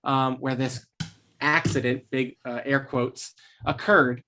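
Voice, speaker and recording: A man runs a tabletop game on a stream and recaps the story so far. He talks in a loose, meandering way at an ordinary pitch, pausing to hunt for words and laughing now and then. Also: little pitch movement, sharp tone, slight background noise. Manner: rambling, searching for words, laughing often. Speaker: game master. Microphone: streaming microphone.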